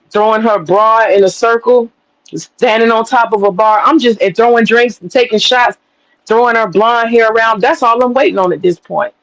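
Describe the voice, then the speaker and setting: Profane woman, high-set voice. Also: no room sound, highs cut off. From Southern US. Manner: blunt, profane, wisecracking. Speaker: livestream host. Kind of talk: casual commentary rant.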